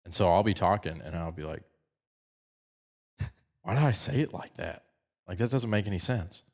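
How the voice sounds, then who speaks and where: A man from Colorado with a slight picked-up Southern twang, hosting a podcast in fast, animated casual chat. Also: low voice, gravelly. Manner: fast-talking, animated storyteller. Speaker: podcast host.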